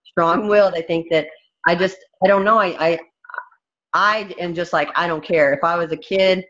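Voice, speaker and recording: A woman's voice: fairly low pitch, fairly even intonation, moderate pace, a bit bright. Blunt, emphatic woman in a muffled recording. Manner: blunt, emphatic, rambling with many restarts. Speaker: interview guest, fighter. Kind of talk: candid interview talk.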